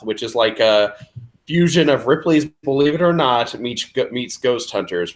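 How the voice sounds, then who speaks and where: An easygoing man co-hosting an online talk show. His voice sits at an ordinary pitch, and he laughs easily as he pitches ideas to the others. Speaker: co-host. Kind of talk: casual podcast chat.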